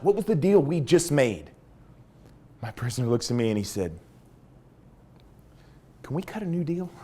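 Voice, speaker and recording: A middle-aged man, a former army interrogator, telling a story from his service and acting out the dialogue. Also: lowish voice. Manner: animated storyteller, acts out dialogue. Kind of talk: storytelling talk.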